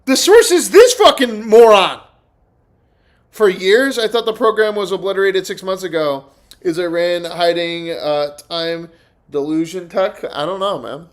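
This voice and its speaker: A young man in casual, profane live-stream commentary, reacting to news clips, loud and laughing and swearing constantly. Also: high-pitched, unhurried.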